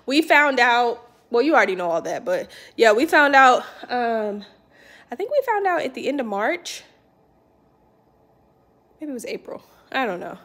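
A woman's voice: a little high, sing-song, normal speed, long pauses, fairly bright tone. Chatty woman in her thirties. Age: 30s. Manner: chatty, rambling with fillers. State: tired, pregnant. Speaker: vlogger. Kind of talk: casual home vlog. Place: home, indoors.

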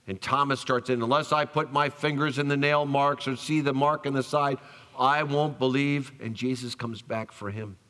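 Pastor preaching in a reverberant church. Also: male voice, mid-range voice, moderate pace. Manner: animated storytelling, acts out quoted voices, drops soft for tender lines. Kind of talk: sermon. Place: church sanctuary.

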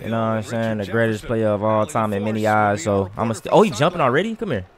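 A man gives excitable, trash-talking commentary while playing a basketball video game, swearing often. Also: fairly low pitch, fast talker, a crowd in the background. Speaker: gaming streamer. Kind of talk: casual gameplay commentary.

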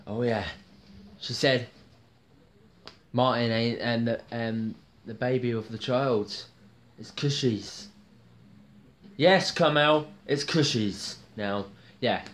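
A man's voice: medium pitch, takes it slowly, pauses often. A man hosting a jokey solo TV review video, rambling and hesitant with many ums and slang words. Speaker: TV soap reviewer.

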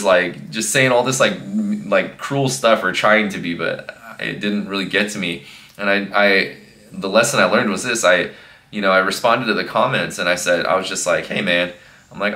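A fitness coach gives a casual motivational talk in a low, bright, forceful voice. He speaks earnestly and rambles, restarting sentences and filling pauses as he goes.

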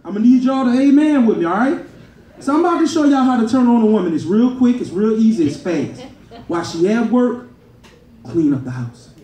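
A male stand-up comedian from Louisiana with a Southern American accent, loud and crowd-working, laughing at his own jokes. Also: very high-pitched, expressive, a little fast, recorded from a distance. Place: comedy club stage. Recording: echoey club room, heard from afar.

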